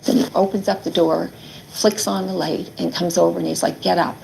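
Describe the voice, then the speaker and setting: A woman's voice: lowish voice, fairly even intonation, a little fast, vocal fry, darkish tone, a little hiss or hum, low-quality recording. A middle-aged woman giving earnest interview testimony, retelling events and quoting what was said with frequent "like" fillers. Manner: earnest, quotes herself and others, many "like" fillers. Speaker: interviewee recounting her ordeal.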